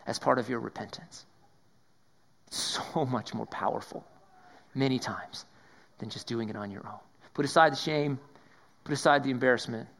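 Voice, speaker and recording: A man preaching a sermon, swinging between raised emphasis and hushed whispers and often repeating his words. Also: medium pitch. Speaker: pastor.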